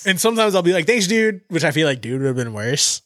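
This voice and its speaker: A man's voice: on the high side, big pitch swings, rapid-fire, a bit bright, no room sound, studio quality. A young man from Southern California, chatting casually on a podcast, laid-back and wry as he acts out quotes. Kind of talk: casual chat.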